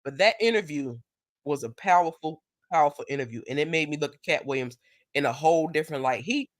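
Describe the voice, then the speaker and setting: A woman hosting a casual live stream, chatting and telling stories, acting out what people said in a higher voice. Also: fast talker, no echo, studio quality. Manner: animated storyteller who acts out quotes in a higher voice.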